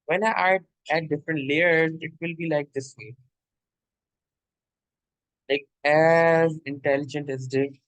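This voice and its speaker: A man's voice: on the high side, steady tone, measured pace, pauses often, fairly bright tone, dry recording, low-quality recording. A male literature teacher giving an explanatory lecture, repeating points and checking in with "okay?" and "my dear.". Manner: addresses listener as "my dear".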